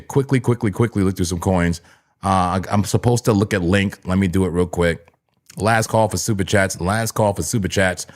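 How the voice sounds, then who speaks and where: A man with a fairly low voice hosts a live crypto trading stream. He calls out entries and targets quickly and chats with viewers in a playful, hyped way. Now and then his voice jumps high with excitement. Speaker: livestream trading host.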